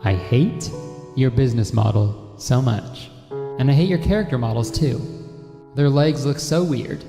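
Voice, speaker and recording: A man's voice: medium pitch, measured pace, creaky. A man giving crude, sarcastic commentary while playing a story game. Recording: music playing underneath.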